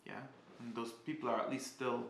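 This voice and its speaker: A man giving a casual spoken class, halting and often restarting as he searches for words. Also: medium pitch, flat delivery, echoey room, slight background noise. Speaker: teacher.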